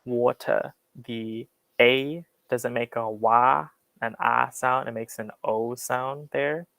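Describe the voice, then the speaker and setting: A man's voice: medium pitch, fairly even intonation, slow pace, gravelly, fairly bright tone, dry recording, rough recording. A young American man giving an online class talk, explaining at an easy pace with lots of fillers. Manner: casual, uses many fillers, explains with examples. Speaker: guest speaker on accents.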